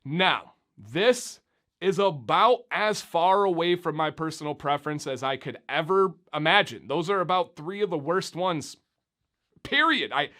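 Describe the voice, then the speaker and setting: A young man from Michigan reviewing beard oils in a casual, animated vlog, talking straight to viewers. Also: fairly high pitch. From Michigan, USA.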